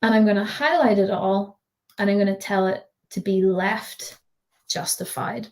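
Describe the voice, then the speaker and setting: A woman's voice: mid-range voice, steady tone, normal speed, a little mellow. A woman tutor giving a live online design tutorial over a video call, chatty and giggly with lots of fillers.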